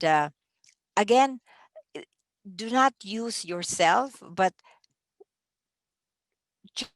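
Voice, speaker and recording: A woman with a medium-pitched, fairly bright voice runs a training session for contest judges, walking through the ballot conversationally. She restarts sentences now and then and lets out the occasional small laugh. There's no echo in the recording.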